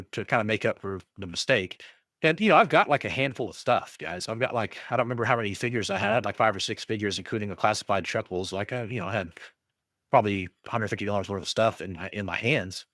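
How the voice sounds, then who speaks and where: A middle-aged man telling a story in casual chat, ranting in an animated way and acting out both sides of an argument with a shop clerk. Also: lowish voice, no room sound, clean studio sound. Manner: frequent restarts and fillers when worked up. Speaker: podcast co-host.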